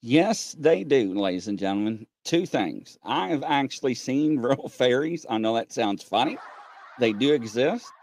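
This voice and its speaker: A man in casual chat as a guest, excitable and repetitive, getting loud when he retells a story. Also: medium pitch, measured pace, dry recording. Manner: excitable, repeats himself, shouts when retelling stories. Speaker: paranormal investigator guest.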